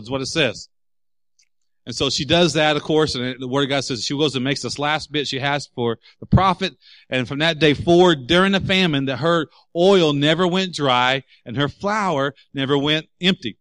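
Bright-voiced, emphatic male pastor preaching. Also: fairly high pitch, normal speed, no echo. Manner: candid, storytelling, emphatic. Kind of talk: sermon.

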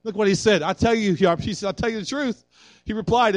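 Fervent high-voiced male pastor preaching. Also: brisk, no echo. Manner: fervent preaching that builds to loud exhortation. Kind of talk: sermon.

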